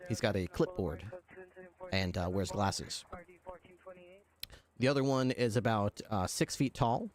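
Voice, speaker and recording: A man's voice: fairly low pitch, measured pace, long pauses. Hesitant male game master. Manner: hesitant, many "uh" fillers, often laughs. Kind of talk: narrating a tabletop role-play.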